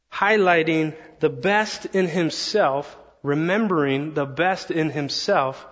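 A man preaching a sermon, earnest and animated, telling a story with quoted asides. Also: a little high. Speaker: pastor. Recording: long reverb, slightly dull sound.

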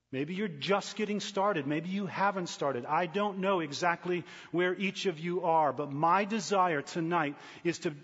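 A man's voice: high-pitched, fairly bright tone. A man preaching a sermon to young people, earnest and building emphasis through repeated phrases. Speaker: guest preacher. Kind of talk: sermon to a youth gathering. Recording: reverberant hall, dull lo-fi sound.

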